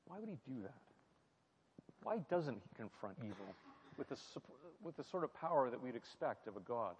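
A man's voice: medium pitch, sing-song, moderate pace, a little hiss or hum. Man teaching scripture in a reverberant hall. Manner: reflective, asks the listener questions, repeats key phrases. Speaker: preacher. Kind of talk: sermon-style Bible teaching. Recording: muffled sound with a long hall reverb.

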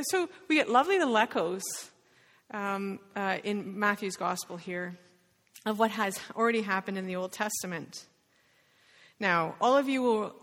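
A woman leading an interactive Bible lesson, quizzing the group with quick questions. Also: fairly high pitch, fairly bright tone. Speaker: Bible study leader. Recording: reverberant hall.

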